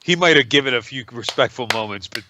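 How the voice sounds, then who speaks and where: A man's voice: medium pitch, fast talker, background noise. A man co-hosting a podcast, joking in casual chat. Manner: lively, joking. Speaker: podcast co-host.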